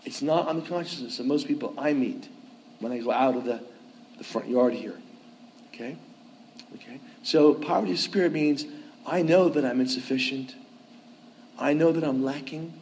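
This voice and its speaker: A man's voice: medium pitch, normal speed, long pauses, darkish tone, slight background noise, low-quality recording. A man giving a conversational sermon, often asking his listeners "okay?" and "right?" to check that they follow him. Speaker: priest.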